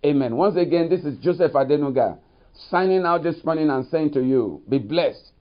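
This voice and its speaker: Lo-fi preacher, higher male voice. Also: expressive, moderate pace. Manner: repetitive, uses "you see" and "you know" often. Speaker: pastor. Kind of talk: recorded sermon. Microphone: studio mic. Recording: dull lo-fi recording.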